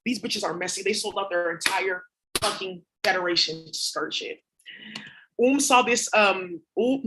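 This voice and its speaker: A woman hosting her spiritual-reading channel, ranting casually to camera in a profane, rambling, excitable way. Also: mid-range voice, normal speed, rough recording. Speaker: spiritual reader and channel host.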